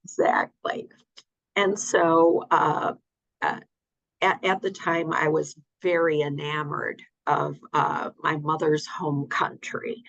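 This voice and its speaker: Low, slow-talking older woman. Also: flat delivery, gravelly, fairly bright tone, no room sound, lo-fi sound. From United States. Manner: hesitant, many fillers and restarts. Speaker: guest. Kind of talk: casual interview.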